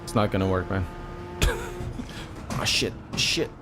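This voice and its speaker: Speaking fairly quickly in a low voice over music, a man from Portugal with a Portuguese accent chats to his stream viewers during a racing game. He's talkative and swears freely.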